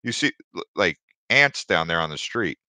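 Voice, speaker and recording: A man's voice: low voice, expressive, moderate pace, pushed and bright, dry recording. Rambling, chatty man on a livestream. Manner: rambling, chatty, with many restarts and fillers. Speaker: crypto livestream host. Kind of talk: casual livestream chat reading viewer comments.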